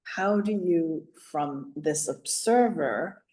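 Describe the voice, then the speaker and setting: A middle-aged woman hosting a podcast interview. She affirms her guest often and gropes for words when she asks. Her voice sits low. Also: animated, slow, dark tone. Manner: affirming, searching for words while asking. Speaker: podcast host. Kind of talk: casual interview talk.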